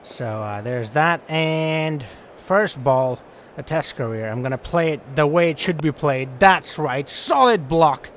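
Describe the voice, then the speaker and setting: Young guy rambling through his cricket game, kinda high voice, swears a lot, bit of hiss. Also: measured pace. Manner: chatty, rambling, swears casually. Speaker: gaming channel host. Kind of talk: casual gameplay commentary.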